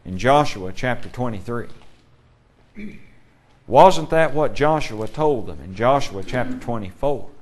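A man teaching a Bible class, asking his students questions and reading scripture aloud. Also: mid-range voice.

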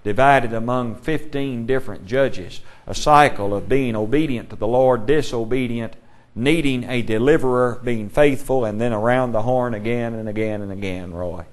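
A man's voice: mid-range voice, normal speed. A man teaching a Bible class, asking his students questions and reading scripture aloud.

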